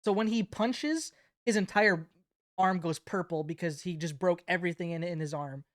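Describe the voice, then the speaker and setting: A woman's voice: fairly low pitch, moderate pace. A young woman co-hosting a podcast in casual chat, blunt and opinionated, swearing freely. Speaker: podcast co-host.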